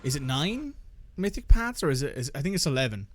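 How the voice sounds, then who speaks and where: A man's voice: a little high, very animated, brisk, a little hiss or hum. A man chatting casually while playing a video game, rambling and joking as he interrupts himself. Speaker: gamer commentating gameplay with friends. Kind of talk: casual gameplay commentary.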